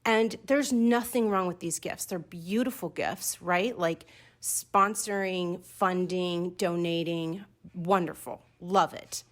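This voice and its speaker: A woman hosting a podcast in a lower register, chatty and excitable. She laughs at herself as she rambles toward her point. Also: slow pace. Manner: chatty, excitable, self-deprecating. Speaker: podcast host. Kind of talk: casual solo podcast talk.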